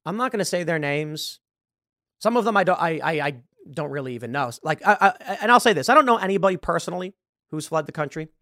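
A man's voice: on the high side, animated, fast, sharp tone, no echo, clean studio sound. A man hosting a podcast, telling a long story and acting out the dialogue. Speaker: show host. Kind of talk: podcast monologue.

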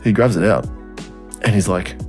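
A man's voice: fairly low pitch, normal speed, faint music behind. A young man, co-hosting a podcast and telling a family story in casual chat, swearing often and laughing as he talks. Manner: swears a lot, laughs through his story. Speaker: podcast co-host.

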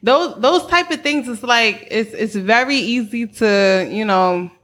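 A woman's voice: a little high, a little slow, a bit bright. A woman in her thirties with a New York accent, telling her story as a guest in a casual interview, candid and slangy, laughing often.

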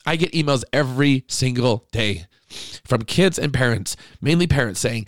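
A middle-aged man hosts a podcast in a dry, clean studio recording, his voice mid-range, expressive and brisk. He delivers an impassioned monologue that is indignant, emotional and pleading.

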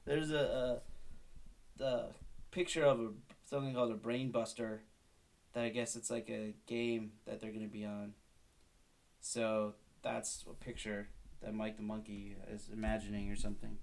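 A man's voice: on the low side, level tone, moderate pace, vocal fry. A man in his thirties reading his childhood story aloud, breaking off with wry, self-mocking asides. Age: 30s. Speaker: podcast host.

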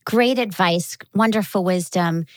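A woman hosting an interview, asking questions in a measured, encouraging way. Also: fairly low pitch, dry recording. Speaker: host. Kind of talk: podcast interview.

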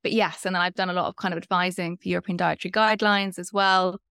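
Fast-talking British woman in her thirties. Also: on the low side, steady tone, a bit bright, clear, resonant tone, no room sound, studio quality. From England. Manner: fast, lightly hesitant with fillers. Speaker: nutritionist guest. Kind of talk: interview answers. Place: home in London, evening.

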